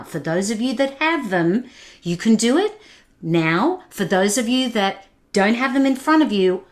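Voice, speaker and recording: A woman giving a motivational webinar talk, putting questions and challenges straight to her audience and laughing along with their comments. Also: medium pitch. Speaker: keynote speaker.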